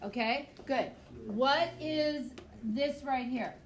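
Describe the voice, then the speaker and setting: A woman teaching a high school biology class, chatty and goofy, telling stories between points. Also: slow pace, roomy sound, low-quality recording. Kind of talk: classroom lecture with anecdotes.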